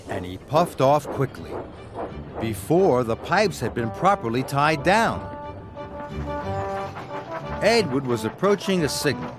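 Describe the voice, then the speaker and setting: An American man narrating a children's story in an expressive storyteller manner. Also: mid-range voice, takes it slowly, pauses often, music in the background.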